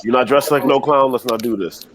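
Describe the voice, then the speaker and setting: A man's voice: mid-range voice, brisk, crowd noise. A man co-hosting a casual group discussion, rambling and playful as he argues by example. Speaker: podcast co-host.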